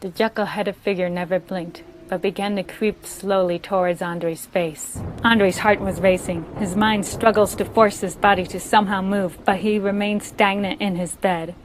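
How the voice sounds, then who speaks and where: A young woman reading a written scary story aloud in a steady, measured way. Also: medium pitch, a little hiss or hum, poor audio.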